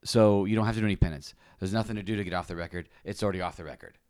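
A man with a fairly low voice tells his story as a pastor, earnest and openly confessional. The sound is dry and close, with no room around it. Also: very fast, a little mellow, clean tone, no room sound. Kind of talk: personal testimony in conversation.

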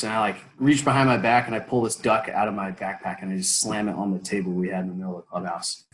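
A man in his twenties telling a story as an interview guest, animated and full of fillers, bursting into loud quoted pep talks. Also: deep voice, quick pace, hardly any pauses, slight background noise, low-quality recording. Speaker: former college baseball player, guest.

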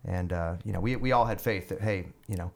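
Low-voiced man telling war stories. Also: brisk, gravelly. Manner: rambling, animated storytelling with many fillers and restarts. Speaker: guest musician and army veteran. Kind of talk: casual storytelling interview.

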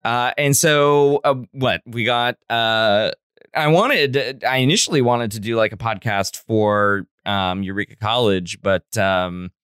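Smooth low-voiced man hosting a podcast. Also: unhurried, a bit bright, no echo, clean studio sound. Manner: hesitant, many restarts and fillers. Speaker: podcast host, teacher. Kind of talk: casual podcast chat.

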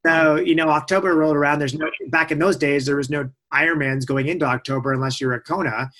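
Guest: man with a bright, forward voice, quick, self-mocking replies. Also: a little high, fairly even intonation. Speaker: podcast guest, endurance athlete. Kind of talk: casual interview chat.

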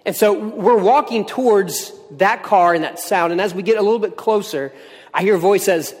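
A man's voice: sits high, moderate pace, long reverb tail. A man, a pastor, preaching a sermon with earnest storytelling and repeated phrases.

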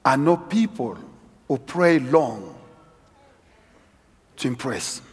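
A middle-aged man preaching a sermon as guest preacher in a large church hall, swinging from quiet asides to shouted exhortation. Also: takes it slowly, a little hiss or hum. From South Africa. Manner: animated, shifts from low asides to shouted exhortation. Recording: husky voice with long church-hall reverb.

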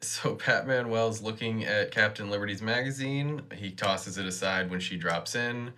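A man co-hosting a podcast, casually recapping a TV episode in a steady way with dry asides. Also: lowish voice, normal speed. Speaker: podcast co-host.

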